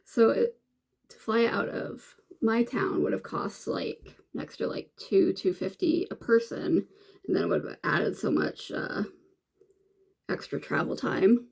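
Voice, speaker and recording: A woman's voice: mid-range voice, unhurried, creaky, darkish tone, breathy edge. A woman vlogger chatting casually and rambling while she does her makeup, with many fillers and restarts. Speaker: beauty vlogger.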